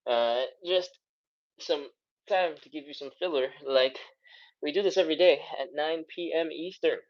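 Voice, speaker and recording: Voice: mid-range voice, normal speed. A breathless fitness instructor counts reps aloud and coaches a live stretching session, with cheerful chatty asides between the moves. The audio is slightly dull, like a home livestream. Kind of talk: live follow-along workout coaching. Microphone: streaming setup.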